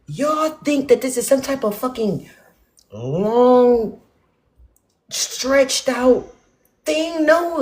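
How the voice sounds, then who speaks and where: A young woman rants bluntly and profanely to her viewers, swinging between loud outbursts and muttered asides. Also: high voice. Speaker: spiritual vlogger. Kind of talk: ranting casual monologue to viewers.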